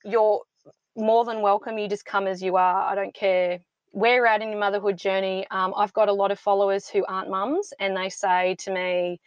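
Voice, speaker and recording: A woman's voice: medium pitch, flat delivery, brisk, clean tone, no echo, highs cut off. A woman in her thirties talks with fierce, rallying conviction. Her voice sits in an ordinary middle register, and the recording is close and dry with no room sound. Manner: passionate, emphatic, rallying. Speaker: podcast guest, founder of a mothers' support club. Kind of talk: heartfelt interview talk.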